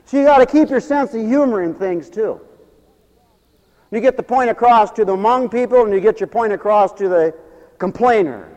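A man's voice: high-pitched, moderate pace, darkish tone, long reverb tail, muffled recording. An older man preaching a sermon in a folksy, humorous storytelling way.

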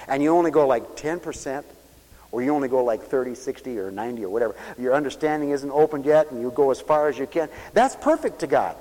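Male preacher, lively pitch, exclamatory sermon, long hall reverb. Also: fast talker. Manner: emotional, exclamatory, swings between hushed and loud.

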